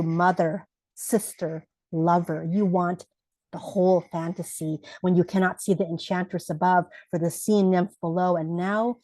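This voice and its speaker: A woman's voice: lowish voice, darkish tone, no echo, poor audio. A woman reading her own poem aloud with a lyrical, dramatic delivery. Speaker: poet reading her work.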